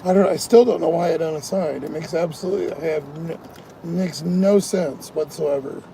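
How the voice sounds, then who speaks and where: Gravelly man ranting in a car. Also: fairly high pitch, moderate pace, dark tone. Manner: frustrated, swearing, ranting. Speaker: food delivery driver. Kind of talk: live-stream venting while driving. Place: inside a parked car. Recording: car ambience noise.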